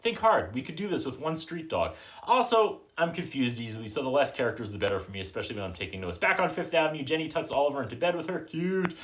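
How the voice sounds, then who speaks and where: A man hosting a podcast, recapping a movie in a casual, sarcastic way, often trailing off softly at the end of a thought. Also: mid-range voice, expressive. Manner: dry, joking, quotes characters in quick put-on voices. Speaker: podcast host reviewing a movie.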